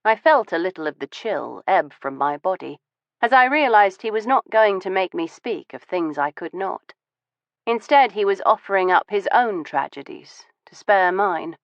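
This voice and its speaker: A woman narrating a first-person audiobook in a composed, measured way. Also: mid-range voice, animated, dry recording. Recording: dull, dry studio audio.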